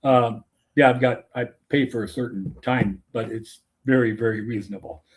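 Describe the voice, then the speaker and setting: A man's voice: medium pitch, steady tone, moderate pace. Older man telling old umpire stories. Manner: chatty, laughs at his own stories. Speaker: host, former softball umpire. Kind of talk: casual storytelling chat.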